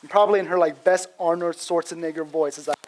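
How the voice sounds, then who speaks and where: A man preaching a sermon, telling the story in a casual, animated way with lots of fillers. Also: a little high, fast talker. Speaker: pastor.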